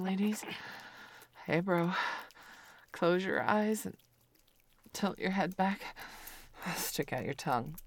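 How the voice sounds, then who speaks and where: A young woman in an adult audio role-play, talking in a teasing, bossy way with sighs and soft murmurs. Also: lowish voice, husky, no room sound.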